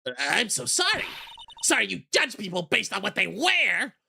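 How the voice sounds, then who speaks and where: A man's voice: high voice, wildly swooping pitch, moderate pace, creaky, pushed and bright, faint music behind, pitched above the performer's own voice, full character voice. A man voicing a stubborn, indignant old woman security guard in a game playthrough, snapping and scolding at everyone. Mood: ranting. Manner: bossy and indignant, snapping at people.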